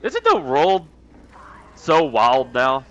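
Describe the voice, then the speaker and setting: A man's voice: mid-range voice, huge pitch swings, extremely slow, a bit bright, highs cut off. A young man streaming a game, chatting casually and answering viewers' messages as he plays. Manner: chatty, reads and answers live chat. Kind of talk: casual chat while gaming.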